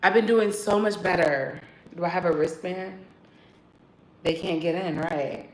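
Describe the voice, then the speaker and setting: A woman talking casually to her viewers in a sassy, animated vlog style, laughing and swearing freely. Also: on the low side, unhurried, roomy sound, rough recording. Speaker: vlogger. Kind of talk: casual self-talk vlog.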